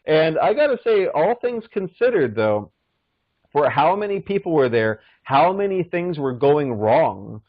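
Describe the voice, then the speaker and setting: A man's voice: fairly high pitch, big pitch swings, a little slow, no echo. Rambling, profane man on dull audio. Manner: rambling, profane, full of fillers. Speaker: podcast guest. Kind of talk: casual storytelling. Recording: dull lo-fi recording.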